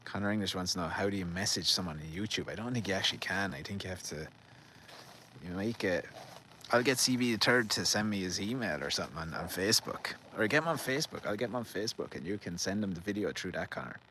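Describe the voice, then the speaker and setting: A man's voice: low voice, animated, fast, sharp tone, a little hiss or hum. An Irish man live-streaming from a garden outdoors, rambling and joking as he reads out viewer comments. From Ireland. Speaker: livestream host. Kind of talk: casual live-stream chat.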